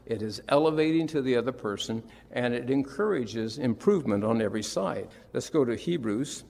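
A man's voice: medium pitch, animated, fairly quick, gravelly, a little mellow. A man preaching a sermon, retelling scripture with emphatic, rising and falling delivery. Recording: long reverb of a large hall.

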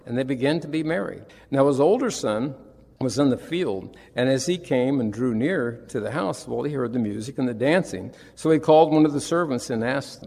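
A man's voice: mid-range voice, moderate pace, creaky, darkish tone, slightly rough. A man preaching a sermon, retelling scripture with emphatic, rising and falling delivery. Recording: long reverb of a large hall.

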